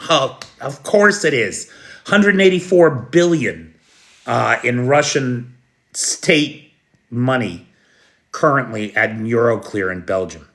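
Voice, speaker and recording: An American man hosts an unscripted live news stream, talking directly to his chat viewers in a blunt, sarcastic way and swearing now and then. His medium-pitched voice is animated, slow-paced, and a bit bright.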